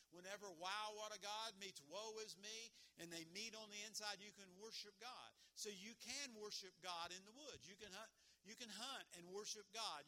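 A man's voice: sits high, bright, forceful tone. A man preaching a sermon, reading scripture and asking his listeners questions in a folksy way. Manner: folksy Bible teaching, asks listeners questions. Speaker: pastor.

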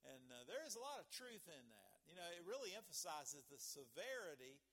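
A man's voice: fairly high pitch, very animated, fairly quick, a bit bright. Conversational preacher, man. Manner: conversational preaching, frequent restarts. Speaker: pastor. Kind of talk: sermon.

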